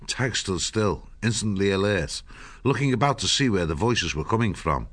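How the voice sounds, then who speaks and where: A man narrating a storybook in a measured, steady way. His voice sits very low and the recording is dry and close, with no room sound. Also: no echo. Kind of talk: scripted audiobook narration.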